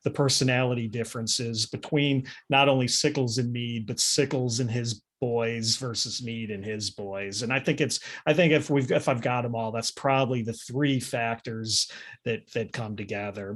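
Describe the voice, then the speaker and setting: A man's voice: medium pitch, normal speed. A man confidently explaining his view in a casual history podcast discussion. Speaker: podcast panelist.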